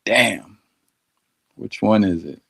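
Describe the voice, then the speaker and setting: A man's voice: lowish voice, animated, takes it slowly, gravelly, fairly bright tone, breathy edge. A man chatting casually on a live stream, thinking aloud and sounding out words as he studies, talking straight to his viewers. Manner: talks directly to viewers in chat. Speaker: streamer studying Arabic.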